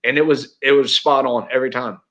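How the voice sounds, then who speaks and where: A man's voice: mid-range voice, fairly even intonation, fairly quick, bright, forceful tone. A middle-aged man telling a heartfelt personal story as an interview guest, earnest, with many restarts. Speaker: real estate agent, interview guest.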